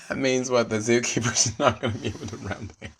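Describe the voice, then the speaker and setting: A man's voice: medium pitch, normal speed, sharp tone, a little hiss or hum. A man rambling alone to camera, musing playfully and giggling between his thoughts. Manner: giggly, laughs between lines, playful and silly. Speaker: vlogger.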